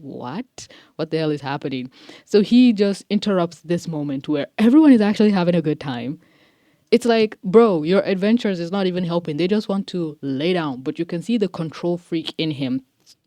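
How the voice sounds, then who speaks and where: Dark-voiced young woman reviewing a cartoon. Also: lowish voice, no echo. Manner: animated, laughing, swearing, slangy asides. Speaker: show reviewer. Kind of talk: casual commentary.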